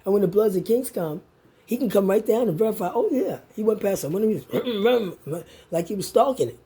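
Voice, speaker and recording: A woman with a husky, breathy voice rants straight at the camera, swinging her pitch up and down as she taunts and curses someone. Her delivery is confrontational and profane. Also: expressive, normal speed, warm tone. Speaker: vlogger. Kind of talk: angry direct-to-camera rant.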